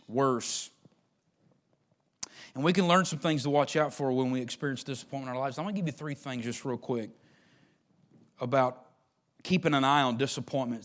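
A man preaching a sermon as pastor, dropping to a hushed low voice and then climbing to loud, shouting peaks, repeating phrases in a folksy way.

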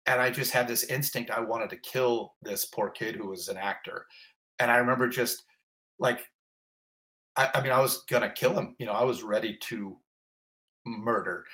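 Speaking at medium pitch, a male interviewee recounts something that happened to him, gasping and exclaiming as the emotion returns. He rambles, restarting again and again.

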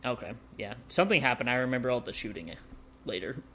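Male podcast host, animated delivery, faint background noise. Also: medium pitch, fast. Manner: lively, laughs often. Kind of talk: casual chat among friends.

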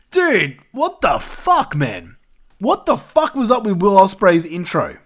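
A man ranting through casual solo commentary, swearing freely and sounding exasperated. His voice sits a bit high for a man and swings lively up and down. He hosts his own review show and talks straight to the listener. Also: takes it slowly. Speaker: wrestling review show host.

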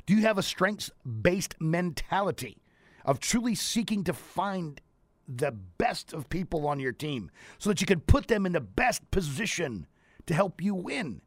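A man's voice: high voice, sing-song, measured pace, dry recording. A man hosting a talk radio hour on business leadership, talking energetically and repeating phrases for emphasis. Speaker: radio show host and leadership coach.

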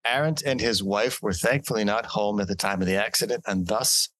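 A man's voice: lowish voice, brisk, fairly bright tone, dry recording. A man co-hosting a podcast, reading news articles aloud with jokey, profane asides. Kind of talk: casual chat and news reading.

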